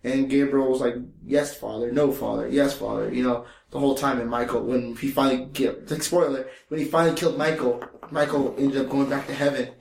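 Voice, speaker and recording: Male podcast co-host, animated storyteller who swears freely, recorded in an echoey room. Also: mid-range voice, fast talker, few pauses. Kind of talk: casual chat.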